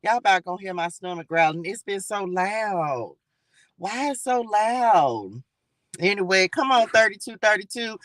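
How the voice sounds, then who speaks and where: A middle-aged woman hosting a spiritual morning livestream in a casual, excitable way, often repeating greetings to her audience. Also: medium pitch, a little slow, no echo.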